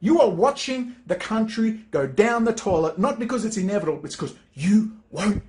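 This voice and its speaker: A man's voice: sits high, animated, normal speed, darkish tone. A man giving an angry, exasperated rant as a political commentator, swearing often. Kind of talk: ranting monologue. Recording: echoey room.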